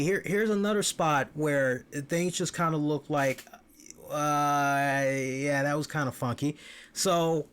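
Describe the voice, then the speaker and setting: A man talking through a wrestling review in a loose, casual way. His voice sits fairly high for a man. He gets animated, swears freely and stumbles over repeated words as he starts a thought. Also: clean tone. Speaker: wrestling show host.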